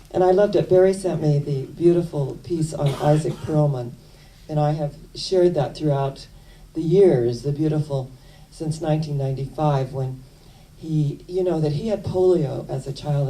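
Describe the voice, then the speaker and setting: A woman minister preaching a sermon in an earnest storytelling manner with soft asides, recorded in a church from a distant microphone. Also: deep voice. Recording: distant mic.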